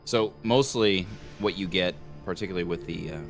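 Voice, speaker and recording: Deep, gravelly game master. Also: male voice, normal speed, over music. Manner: relaxed, rambling, with many fillers. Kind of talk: narrating a tabletop game.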